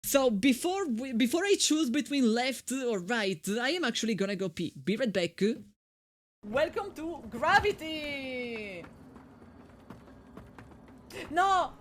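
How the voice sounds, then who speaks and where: A woman's voice: fairly high pitch, lively intonation, normal speed, few pauses. A woman with an Italian accent giving chatty live gameplay commentary, joking with her viewers. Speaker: live streamer.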